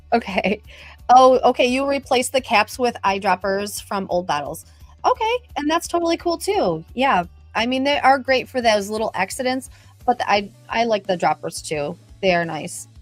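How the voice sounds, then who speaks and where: A woman's voice: fairly high pitch, animated, moderate pace, no echo, faint music behind. A middle-aged woman hosting a casual live stream, chatting upbeat and greeting viewers by name as she reads the chat. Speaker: livestream host reading viewer chat.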